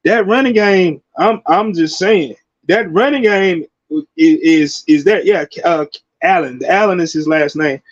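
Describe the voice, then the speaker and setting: A fired-up man in his forties talking college football, his voice riding high. The sound is dry and a bit dull, with no room around it. He talks in slang and keeps jumping into loud outbursts. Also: a little slow, no room sound. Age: 40s. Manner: animated, slangy, loud bursts and laughing asides. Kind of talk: casual sports commentary.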